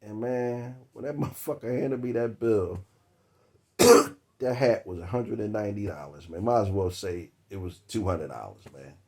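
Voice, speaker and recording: A man, telling a long comic story about a date that cost him, laughing between words and swearing freely. His voice sits a little low. The delivery is loose and conversational. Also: animated, moderate pace, darkish tone. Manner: profane, laughing through the story. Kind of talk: comedic storytelling monologue.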